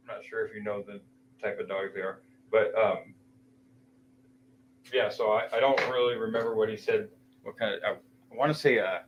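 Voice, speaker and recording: A man's voice: lowish voice, fairly bright tone, a little hiss or hum, poor audio. Rambling, cursing male streamer. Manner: rambling, profane storytelling with frequent restarts. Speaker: live streamer. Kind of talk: casual live-stream chat.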